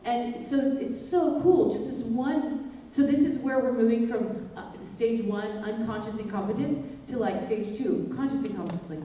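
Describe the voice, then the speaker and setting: A woman's voice: a little high, normal speed, few pauses, dark tone. A woman vocal coach teaching a worship singing class in a chatty way, breaking into sung phrases to demonstrate. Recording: echoey hall, mic from far off, faint noise.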